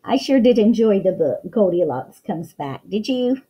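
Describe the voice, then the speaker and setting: Animated woman teacher reading to children. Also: mid-range voice, moderate pace, slightly rough, poor audio. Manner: animated, exclamatory, asks the listener questions. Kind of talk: read-aloud lesson for young children.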